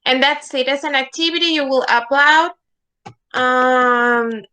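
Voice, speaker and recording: Slow, bright-voiced woman teaching English. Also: sits high, fairly even intonation, smooth. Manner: slow, repeating words for students to echo; checks understanding with frequent "okay?". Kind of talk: online class instruction.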